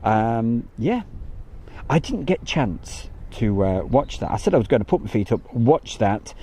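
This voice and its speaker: A man's voice: mid-range voice, big pitch swings, unhurried, mellow, slightly rough. A man hosting a casual livestream outdoors by an airfield, chatting, reading out viewer comments and laughing easily. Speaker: livestream host.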